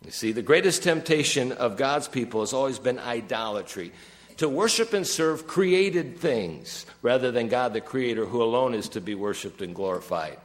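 A man preaching a sermon as pastor, reading scripture with rising emphasis and dropping to quiet, conversational asides. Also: medium pitch, lively intonation, normal speed. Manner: rises to emphatic peaks when reading scripture, drops to soft asides. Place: church sanctuary.

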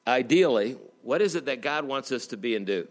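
A man preaching as a pastor in a church, telling jokes in a folksy way and slowing down for emphasis. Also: medium pitch, lively intonation. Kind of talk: sermon.

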